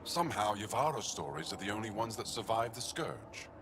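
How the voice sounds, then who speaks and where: An earnest alien researcher with a New Zealand accent. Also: male voice, lowish voice, big pitch swings, a little fast, noisy background.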